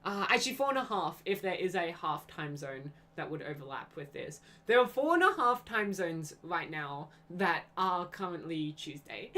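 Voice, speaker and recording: A woman's voice: lowish voice, expressive, normal speed, a bit bright. A young woman streaming live, chatting in a rambling, scatterbrained way with frequent giggles and self-corrections. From Australia. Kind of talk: casual rambling stream chat.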